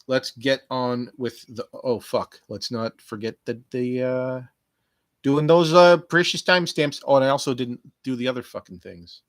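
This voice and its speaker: A man with a mid-range voice hosts a casual solo podcast, speaking at a moderate pace in a steady tone with hardly any pauses. He rambles, jokes, swears plenty and addresses listeners who aren't there, and the recording has no echo.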